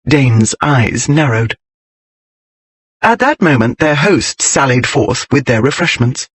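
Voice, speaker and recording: A man narrating a historical romance audiobook in a measured, even storytelling manner. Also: mid-range voice, husky, no echo.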